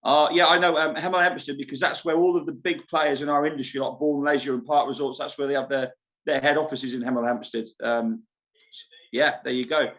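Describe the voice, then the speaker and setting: A man chats loosely on a live stream from a holiday park club foyer. His pitch sits in the middle range. He rambles, restarts his sentences and laughs easily. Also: fairly even intonation, fairly bright tone. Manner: chatty, rambling, quick to laugh. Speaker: show host at a holiday park. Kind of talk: casual live-stream chat.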